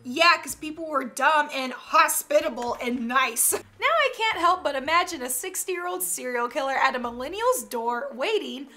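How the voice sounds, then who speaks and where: A young woman hosting a casual comedic meme reaction, animated and quick to laugh. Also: sits high, a little hiss or hum. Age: young adult. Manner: animated, laughs often, playful.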